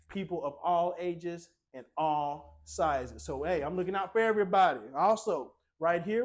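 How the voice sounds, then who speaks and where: A high-pitched man leads a walkthrough tour of a small cabin-style home. He pitches it eagerly, speaking directly to his audience as the channel's host. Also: low-quality recording. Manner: upbeat sales pitch, addresses viewers as ladies and gentlemen.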